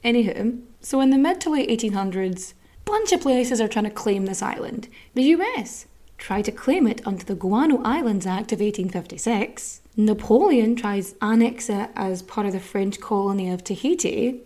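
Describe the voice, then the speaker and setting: A woman's voice: mid-range voice, expressive, normal speed, dark tone. A woman hosting a podcast, telling a history story in a chatty, wry way full of swearing and asides. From Ireland. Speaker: podcast host.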